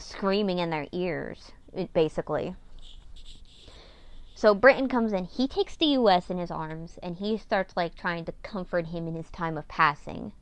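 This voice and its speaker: A woman's voice: on the low side, smooth, no room sound. A woman casually recapping an old story series of hers, rambling and self-mocking, with casual swearing.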